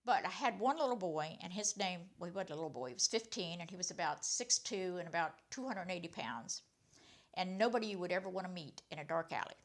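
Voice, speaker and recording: A woman who used to be a teacher, telling a personal story in an animated way, her loudness swinging widely. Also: on the low side, fairly quick. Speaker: former teacher.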